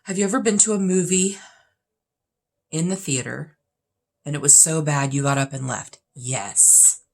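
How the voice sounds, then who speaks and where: Low-pitched and unhurried, her gravelly, darkish voice carries a casual Q&A chat. She's a vlogger in her fifties, opinionated and blunt, stressing her points often.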